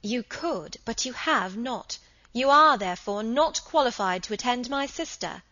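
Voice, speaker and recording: A resolute Edwardian lady speaks crisply and firmly, as a woman reads her lines. Her voice is bright, and the storybook recording sounds a little dull. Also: on the high side, animated, unhurried, voice pushed up, exaggerated voice. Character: composed, firm Edwardian woman defending her sister.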